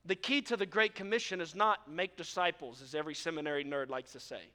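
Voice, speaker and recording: Male pastor, high clear voice with a bright edge, preaching from a church stage, lively and self-mocking, reverberant sanctuary sound. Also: quick pace. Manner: animated storytelling preacher, self-deprecating. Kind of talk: sermon. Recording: long reverb of a large hall.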